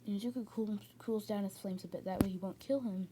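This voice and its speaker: A woman's voice: medium pitch, a little fast, heavy background noise. A woman casually retelling a fan story, rambling with many fillers and restarts.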